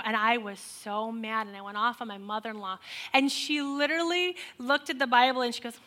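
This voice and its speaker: A woman in her forties shares a personal faith testimony with an audience, turning it into humorous storytelling. Her voice is bright and fairly high, and her delivery is animated and exasperated as she slips into the voices of the people in her story. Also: a little fast. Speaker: speaker sharing a personal testimony.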